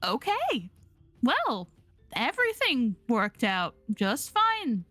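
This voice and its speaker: Slow-talking woman player, lively pitch. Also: no room sound, faint music behind. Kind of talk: tabletop game play.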